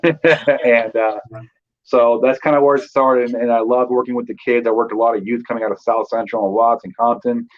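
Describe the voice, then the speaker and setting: A man's voice: medium pitch, fairly even intonation, a little fast, lo-fi sound. A man in his thirties from Northern California, a guest telling his life story in loose casual talk with many fillers. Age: 30s.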